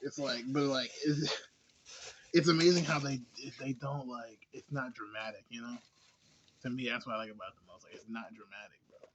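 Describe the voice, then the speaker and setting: A man's voice: mid-range voice, steady tone, brisk, a bit bright, a little hiss or hum. A man giving a casual movie review, laid-back and slangy, rambling with lots of fillers and laughs. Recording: dull lo-fi recording.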